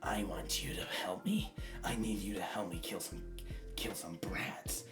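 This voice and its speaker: A man voicing a sinister male villain in whispered role-play, speaking in a hushed, unvoiced whisper. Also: low-pitched, unhurried. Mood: menacing. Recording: roomy sound with faint guitar.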